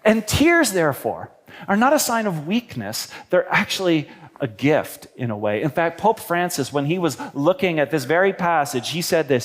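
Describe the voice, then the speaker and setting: A male pastor delivers a sermon in a church. His high voice swings widely in pitch, and his talk stays conversational, with wry humorous asides. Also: big pitch swings, moderate pace.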